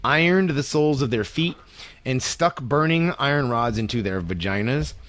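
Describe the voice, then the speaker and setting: A man's voice: medium pitch, lively intonation, moderate pace, a bit bright, no echo. Male podcast co-host, mid voice, loose offhand delivery. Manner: reads grim facts in a loose, offhand way with fillers. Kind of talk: casual podcast chat.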